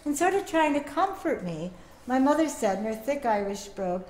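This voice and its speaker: A middle-aged woman speaking to a room, her fairly high voice rolling through anecdotes and putting on other people's voices as she tells them. The room is echoey, with faint noise underneath. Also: normal speed. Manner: anecdotal, animated, acts out quoted voices. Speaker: activist giving a teach-in. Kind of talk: public talk with storytelling.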